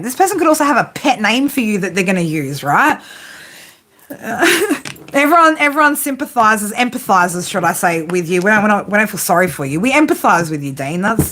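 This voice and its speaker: A woman's voice: medium pitch, fairly bright tone. A woman giving a casual tarot reading, blunt and profane, often breaking into laughter. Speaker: tarot reader.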